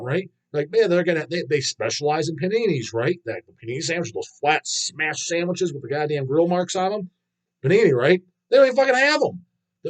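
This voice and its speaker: A man's voice: on the high side, animated, fairly quick. Profane ranting man. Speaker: host reading viewer comments. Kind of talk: casual live-stream chat.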